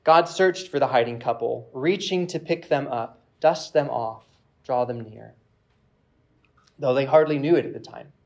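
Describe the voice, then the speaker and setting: A man preaching, reading a reflective passage aloud in a measured way with pauses. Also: fairly high pitch, darkish tone. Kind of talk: sermon with read-aloud passage.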